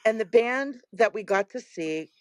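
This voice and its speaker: A middle-aged woman telling a story as a podcast guest in casual chat, animated and acting out the voices she quotes. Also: on the high side, measured pace, dry recording.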